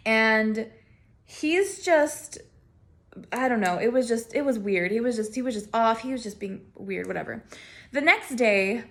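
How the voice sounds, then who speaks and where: Woman vlogging about her ex, sassy and animated, fairly high voice, laughs a lot. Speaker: vlogger telling her own story. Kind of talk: casual storytelling.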